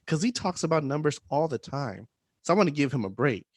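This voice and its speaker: A man co-hosting a casual real estate podcast in an upbeat, jokey way, often tagging his points with a quick "right?". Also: fairly high pitch, expressive, dry recording.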